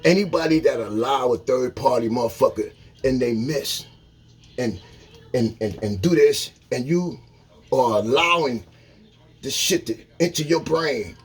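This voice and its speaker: A man delivering a blunt, profane rant to camera, shifting between loud emphasis and low, muttered remarks. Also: expressive, unhurried, breathy edge.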